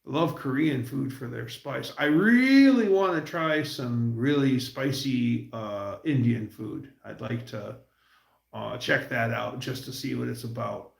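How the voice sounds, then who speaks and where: A man with a gravelly, fry-laden voice rambles through casual stories on a livestream. He talks loosely with restarts and drifting tangents, recorded in a roomy space with noticeable echo. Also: mid-range voice. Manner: rambling, storytelling, puts on quick voices for quotes. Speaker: livestream host.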